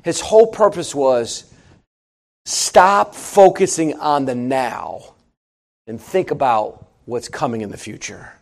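A middle-aged man preaching a sermon in a conversational, joking way, with sudden loud outbursts. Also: medium pitch, slow. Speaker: pastor.

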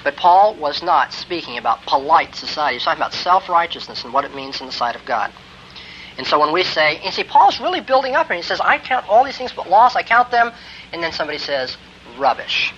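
Emphatic man lecturing on ethics, bright voice. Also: on the high side, big pitch swings, a little fast. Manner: emphatic, builds to forceful exclamations. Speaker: theology lecturer. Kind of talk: classroom lecture on Christian ethics. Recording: dull lo-fi lecture tape with faint hiss.

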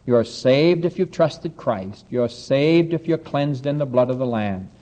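An earnest man preaching a sermon to his congregation. His voice sits at an ordinary middle pitch. He reads scripture slowly and deliberately, then slips into light, friendly asides. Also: expressive, mellow, low-quality recording. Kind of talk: sermon with Bible reading.

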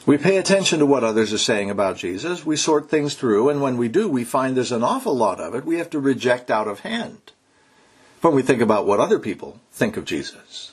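Male pastor, sermon delivery, emphatic and exhorting, animated pitch, slightly husky. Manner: emphatic, exhorting, slows to stress key words.

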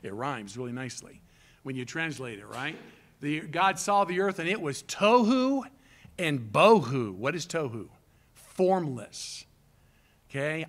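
Preacher, middle-aged man, high-pitched and unhurried, animated pulpit delivery. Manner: animated preaching, explains Hebrew words. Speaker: pastor. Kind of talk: sermon.

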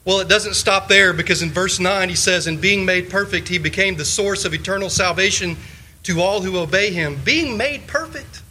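Emphatic preacher with a bright, high voice. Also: male voice, steady tone, moderate pace, a little hiss or hum, low-quality recording. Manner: emphatic, rhetorical questions, repeats phrases; leans on short repeated exhortations. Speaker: pastor. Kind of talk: sermon.

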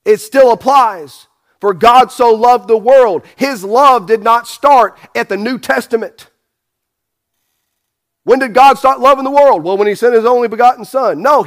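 High-voiced preacher man, emphatic. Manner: emphatic preaching, rhetorical questions, restarts. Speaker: pastor. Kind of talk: sermon.

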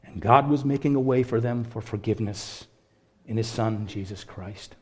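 A man preaching a sermon, rising to loud impassioned stretches and then dropping to a hushed, prayerful voice. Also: on the low side, moderate pace, slightly rough.

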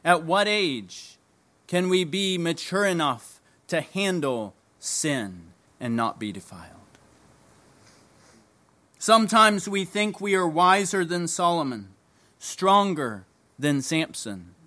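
Bright, emphatic male preacher. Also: big pitch swings, takes it slowly. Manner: emphatic, repeats key phrases, drops low at line ends. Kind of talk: sermon.

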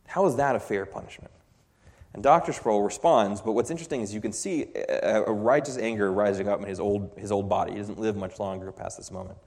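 A man preaching a sermon with passion, dropping low and quiet and then rising to loud, emphatic peaks. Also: fairly quick, long reverb tail.

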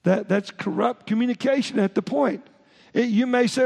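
Gravelly high-voiced preacher in a reverberant hall. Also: male voice, normal speed, darkish tone. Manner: preaching in short emphatic phrases with many restarts. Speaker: pastor. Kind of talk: sermon.

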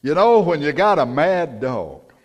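A man's voice: fairly high pitch, big pitch swings, measured pace, muffled recording. An older male pastor preaching a sermon in a folksy, storytelling manner. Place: church sanctuary. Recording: long church reverb.

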